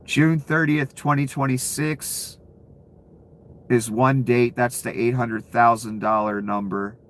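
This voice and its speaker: A man's voice: medium pitch, steady tone, slow, fairly bright tone. A man giving ranting commentary, profane and incredulous, laughing between outbursts. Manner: profane, incredulous, calls the listener "son".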